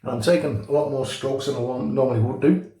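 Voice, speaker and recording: A middle-aged man with a Liverpool accent talks in a chatty, jokey way, telling stories between chuckles. His voice is mellow and dark in tone. It echoes off the hard walls of what sounds like a bathroom. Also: medium pitch, fairly even intonation, fast talker. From North West England. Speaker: shaving channel host. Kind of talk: casual chat while shaving. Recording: echoey room.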